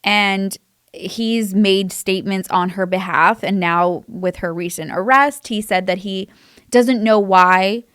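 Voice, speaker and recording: A woman's voice: mid-range voice, slow, fairly bright tone, clear, resonant tone, no echo. Chatty young woman with a dry close sound. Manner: chatty, says "like" a lot; emphatic and indignant. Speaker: true crime commentator. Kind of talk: casual commentary.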